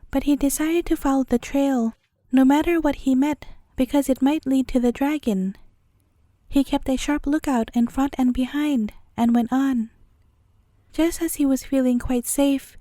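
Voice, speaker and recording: A woman reading a bedtime story aloud in a gentle, even storytelling manner. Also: high voice, no echo.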